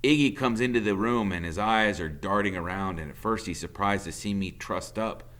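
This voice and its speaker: A man's voice: on the low side, moderate pace, a bit bright. A male teacher reading a novel aloud in a plain storytelling voice.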